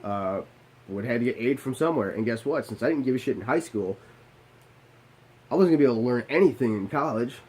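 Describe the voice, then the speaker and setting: With a husky, darkish mid-range voice, expressive and fast, a man in his late twenties rambles through a confessional vlog story about his past. He's candid, self-deprecating and profane, frequently restarting sentences, and the audio quality is poor.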